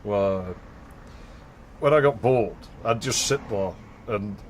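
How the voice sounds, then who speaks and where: A man's voice: lowish voice, takes it slowly, slight background noise. A man streaming a game, chatting casually and telling stories with frequent laughter. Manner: animated storyteller, laughs often. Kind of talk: casual chat while playing a game.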